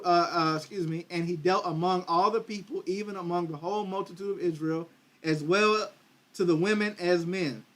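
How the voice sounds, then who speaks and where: High-voiced male preacher, streaming a Bible study; reads verses, then paraphrases them in slang. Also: a bit bright. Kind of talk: livestreamed Bible teaching. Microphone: livestream microphone.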